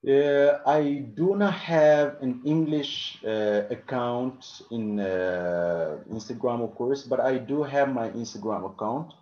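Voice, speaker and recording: A man's voice: mid-range voice, slow, hardly any pauses, darkish tone, roomy sound, muffled recording. A man teaching an English lesson live online, answering questions from the chat and often adding "okay" and "of course".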